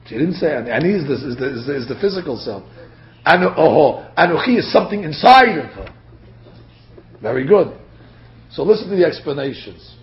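A man's voice: a little high, fairly quick. A man teaching a Torah lecture to a class, acting out the quotes as he goes. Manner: animated, acts out quotes. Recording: dull lo-fi lecture recording.

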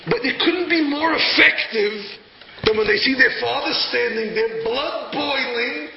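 A man teaching a lively religious lesson, acting out verses with sudden loud emphasis. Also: very high-pitched, a little slow, a crowd in the background. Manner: dramatic, acts out verses, bursts of loud emphasis. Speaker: rabbi teaching a class. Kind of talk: animated Torah lesson. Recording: echoey room, dull lo-fi sound with clear background noise.

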